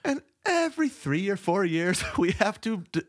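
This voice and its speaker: A man's voice: high voice, big pitch swings, moderate pace. A man co-hosting a podcast in casual chat, chatty and jokey, explaining his theories at length. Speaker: podcast co-host.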